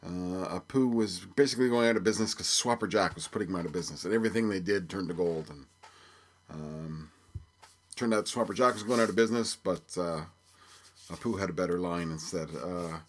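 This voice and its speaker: Husky, low-voiced man hosting a podcast. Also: a little fast. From Belfast, Northern Ireland. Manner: rambling, joking, many fillers. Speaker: podcast host. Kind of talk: casual solo podcast chat.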